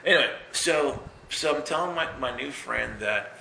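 A man preaching a sermon in a relaxed, conversational way, telling stories with self-mocking humor. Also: medium pitch, moderate pace, gravelly. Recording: roomy echo with faint noise.

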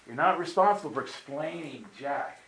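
Animated male preacher in a roomy hall. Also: a little high, moderate pace. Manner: animated storyteller acting out voices. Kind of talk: storytelling sermon. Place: meeting room with audience.

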